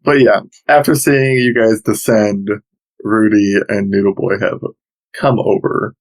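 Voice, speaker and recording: A man narrating as game master, relaxed and laughing often. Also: lowish voice, unhurried, rough recording.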